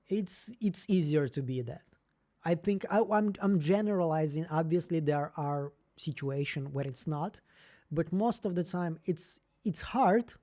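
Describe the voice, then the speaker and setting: A man's voice: a little high, dark tone. A young man with a non-native English accent, chatting candidly and rambling on a live stream as host. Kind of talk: casual live-stream chat.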